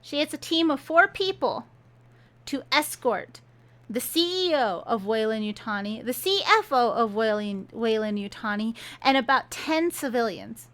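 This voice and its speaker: A woman's voice: a little high, a bit bright. A woman ranting casually in a book review, sarcastic and chatty.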